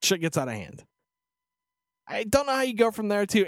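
A man's voice: sits high, big pitch swings, normal speed, dry recording, clean studio sound. A man co-hosting a casual podcast, ranting sarcastically and swearing freely. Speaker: podcast co-host. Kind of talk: casual chat.

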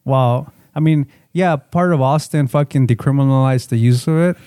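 A man's voice: mid-range voice, normal speed, mellow, clean tone, no echo, studio quality. A man co-hosting a casual podcast, talking in a profane, rambling way full of filler words. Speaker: podcast co-host.

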